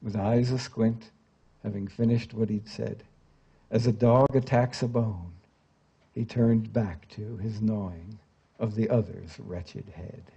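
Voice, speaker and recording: Older man reciting poetry, mellow and grave. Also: lowish voice, steady tone, creaky, breathy edge, muffled recording. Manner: measured, grave recitation that sinks to a hush; chatty and hesitant with many fillers when speaking off the page. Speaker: literary translator giving a public reading. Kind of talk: poetry reading and audience talk. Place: public lecture event before an audience.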